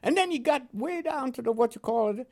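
An older man, Panamanian with a New York accent flavored by West Indian tones, recounts veteran memories in an oral history interview. He speaks briskly with an extremely high pitch, laughing often and dramatizing the dialogue as a lively storyteller.

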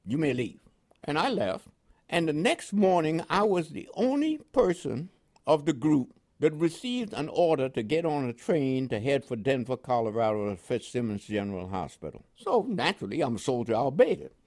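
A man's voice: on the high side, normal speed. An older man from Panama with a New York accent touched by West Indian inflections, telling his life story in an oral history interview. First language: French. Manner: lively, animated storyteller who acts out quoted voices.

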